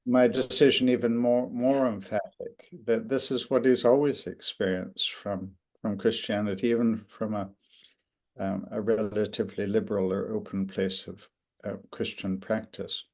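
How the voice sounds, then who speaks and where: An older man giving an interview, speaking reflectively and haltingly, with many restarts and pauses. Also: fairly low pitch, fairly even intonation, a little mellow. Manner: thoughtful, halting with frequent restarts and fillers. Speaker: interview guest, author.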